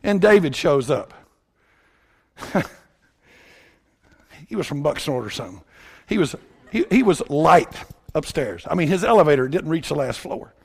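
A man from Tennessee, preaching a sermon in a folksy, animated storytelling way that swings up to shouting. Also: on the high side, moderate pace, creaky, long pauses, breathy edge.

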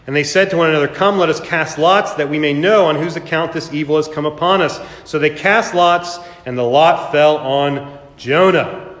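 A man's voice: fairly high pitch, moderate pace, a bit bright. A middle-aged man preaching a sermon as a pastor, with earnest emphasis that rises and falls. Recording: echoey hall, long reverb.

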